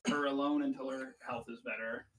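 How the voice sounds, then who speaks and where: A man's voice: medium pitch, steady tone, fairly quick. A man in a voice-call discussion, talking defensively, with distant voice-chat audio. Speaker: call participant.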